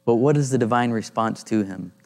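Guy leading bible study, thinks out loud, gravelly voice, lots of reverb. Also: medium pitch, a little fast. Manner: thinks aloud, searches for passages mid-talk. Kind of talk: informal Bible study teaching. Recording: long reverb in a room.

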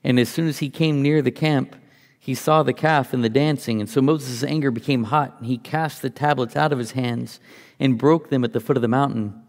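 A man's voice: medium pitch, fairly even intonation, normal speed, in a large hall. A man teaching from the Bible, reading passages aloud and explaining them in a conversational, think-aloud way.

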